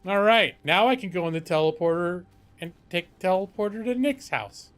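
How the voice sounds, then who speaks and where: A man's voice: sits high, animated, moderate pace, fairly bright tone. A man streaming a game, chatting in a rambling, self-deprecating way. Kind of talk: casual gaming stream commentary.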